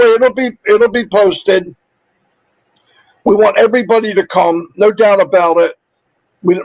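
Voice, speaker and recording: A man with a fairly high voice hosts a casual livestream, upbeat and chatty as he rattles through shout-outs. His voice is wearing thin from overuse. The sound is dry and a little muffled, with no room echo. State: losing his voice. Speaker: livestream host.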